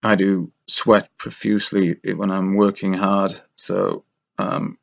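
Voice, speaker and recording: A man's voice: low voice, little pitch movement, takes it slowly, gravelly. A man talking in a rambling, casual monologue, wry and self-mocking as he meanders from thought to thought, on a dull lo-fi recording. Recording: dull lo-fi sound.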